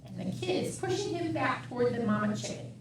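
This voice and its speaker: A woman's voice: on the high side, very animated, fairly quick, gravelly, recorded from a distance, a little hiss or hum. A woman librarian reading a picture book aloud at storytime, chanting the refrains, making animal sounds and asking the children questions. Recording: echoey room, voice from off mic.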